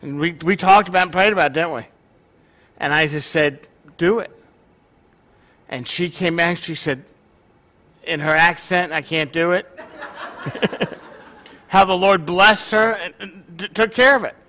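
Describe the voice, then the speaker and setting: A man's voice: high voice, a little slow, pauses often, sharp tone. A male pastor preaching a sermon in a joking, conversational way to his congregation.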